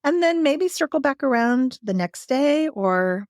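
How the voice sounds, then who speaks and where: In a dry, clean studio recording, a woman in her sixties speaks at a high pitch and an unhurried pace. She's a guest telling caregiving stories in casual conversation, a lively storyteller who laughs often as she talks.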